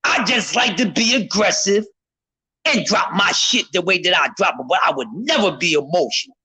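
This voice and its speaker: A man on a live stream, ranting about boxing in a loud, profane, repetitive way, often shouting and addressing his chat. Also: high-pitched, expressive, moderate pace, breathy edge, rough recording. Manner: speaks to a chat member by name. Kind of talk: heated live-stream rant.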